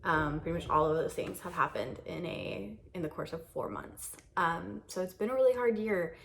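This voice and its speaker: Her voice is fairly low, animated and marked by vocal fry, at a moderate pace with a little background noise. She's a young vlogger casually rambling to a tripod camera in a carpeted guest room, full of fillers and laughs.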